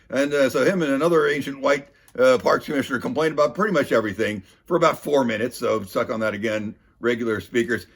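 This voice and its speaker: A man giving a casual, sardonic recap of a city council meeting, deadpan and wry, with many filler words. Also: mid-range voice, a little fast, vocal fry. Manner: wry, deadpan, lots of uh fillers, mocking quoted voices. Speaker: local video commentator.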